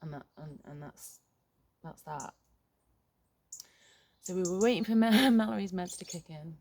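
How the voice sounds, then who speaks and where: A middle-aged woman talking frankly in a reflective vlog, halting and swearing casually, recorded outdoors in a garden. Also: on the low side, darkish tone. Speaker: vlogger.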